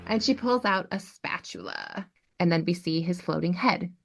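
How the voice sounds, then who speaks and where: A woman hosting a podcast, recapping a TV episode as an animated storyteller. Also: fairly low pitch, normal speed, creaky, faint music behind. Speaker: podcast host.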